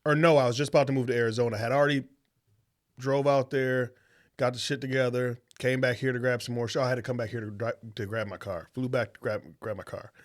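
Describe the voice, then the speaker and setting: A man's voice: mid-range voice, fairly even intonation, fast. A young adult man, a podcast co-host, telling a story in casual chat, swearing freely and acting out the voices of people he quotes.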